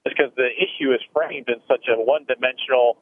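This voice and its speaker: A man's voice: mid-range voice, fairly even intonation, fairly quick. A man speaking as a guest in a phone interview, explaining retirement planning thoughtfully and often restarting his sentences. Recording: tinny phone line.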